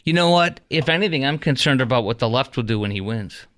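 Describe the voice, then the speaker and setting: A man's voice: medium pitch, lively intonation, fast, fairly bright tone. A man hosting a radio talk show in a studio, ranting in a heated, mocking way with lots of fillers. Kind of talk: opinionated talk radio monologue.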